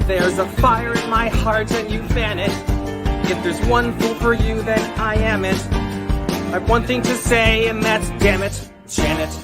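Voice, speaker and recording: A man singing as an earnest, clean-cut young man proposing, in a bright stage-musical show tune from a film. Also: high-pitched, steady tone, a little slow, over loud music. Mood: devoted.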